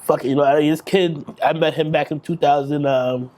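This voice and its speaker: A man's voice: on the high side, steady tone, moderate pace, darkish tone. Earnest, emotional man in his thirties. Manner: earnest and emotional, swears freely, many restarts. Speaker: bodybuilding champion interviewee. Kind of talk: candid post-victory interview.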